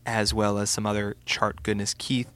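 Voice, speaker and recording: An upbeat man hosting a music podcast, with a bright, forward tone. His voice is recorded dry in a studio with no room echo. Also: lowish voice, level tone, moderate pace. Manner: upbeat, enthusiastic. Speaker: podcast host.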